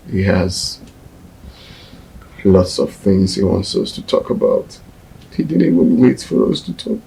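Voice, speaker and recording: A man's voice: vocal fry, mellow, a little hiss or hum, poor audio. An actor with a Nigerian accent playing a young man mourning a sudden death in a film. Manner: subdued, mournful, low.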